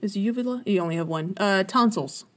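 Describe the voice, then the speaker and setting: A woman's voice: mid-range voice, fairly quick. A woman co-hosting a casual podcast, trading playful, jokey quips. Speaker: podcast co-host. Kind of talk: casual chat.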